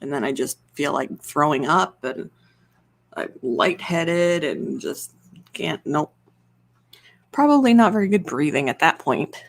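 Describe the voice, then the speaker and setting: A woman's voice: low-pitched, lively intonation, measured pace. A woman hosting an ASMR live stream, chatting casually and rambling, laughing often into a close microphone.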